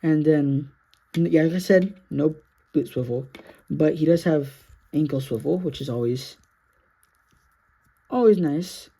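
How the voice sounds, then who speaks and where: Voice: mid-range voice, measured pace, gravelly, long pauses, dark tone, slightly rough. A sleepy, yawning action figure reviewer talking through a casual toy review in a rambling, self-correcting, apologetic way.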